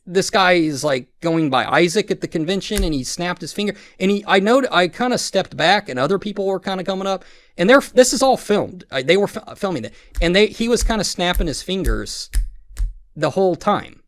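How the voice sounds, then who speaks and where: A man's voice: high voice, animated, a little fast. A man hosting a podcast, telling a rambling, profane story with lots of restarts and quoted voices. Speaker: podcast host. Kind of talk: casual storytelling chat.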